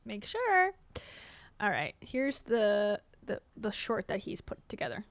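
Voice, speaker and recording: A woman's voice: medium pitch, wildly swooping pitch, takes it slowly, no echo. A woman hosting casual reaction commentary, sarcastic and chatty, often laughing as she talks. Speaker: commentary channel host.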